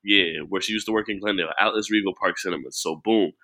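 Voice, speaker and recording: A man's voice: low-pitched, fast talker, crowd noise. A young man, co-hosting a podcast, telling a story in a chatty way and laughing at himself. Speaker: podcast co-host. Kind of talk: casual storytelling.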